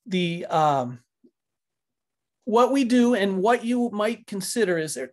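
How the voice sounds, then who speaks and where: A middle-aged man, a physician assistant, lecturing EMS providers through slides in a conversational way, often correcting himself mid-sentence. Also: sits high. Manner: conversational, frequent self-corrections and filler checks.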